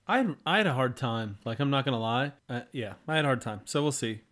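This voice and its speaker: A man co-hosting a podcast in relaxed chat. His voice sits at an ordinary mid pitch. He speaks haltingly, restarts often, and is gently self-deprecating. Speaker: podcast co-host. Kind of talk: casual chat.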